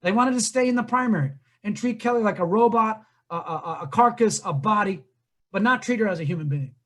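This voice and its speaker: A man's voice: sits high, fairly quick. A man, a diversity trainer, giving a humorous storytelling talk and quizzing his audience. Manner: animated, comic, asks the audience questions.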